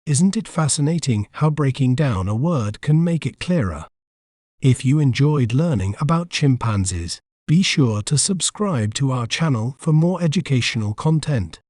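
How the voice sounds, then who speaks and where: A man hosting a pronunciation lesson in a scripted, measured way, breaking words into syllables. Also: mid-range voice, lively intonation, darkish tone, no room sound, studio quality. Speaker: pronunciation guide host. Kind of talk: scripted educational narration.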